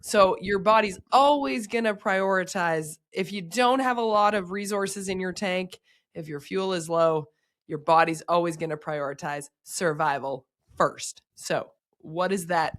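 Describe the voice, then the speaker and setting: A woman hosting a podcast with a hoarse, sick voice, explaining health topics in casual chat. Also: fairly low pitch, unhurried. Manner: upbeat, explains physiology step by step. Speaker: podcast host.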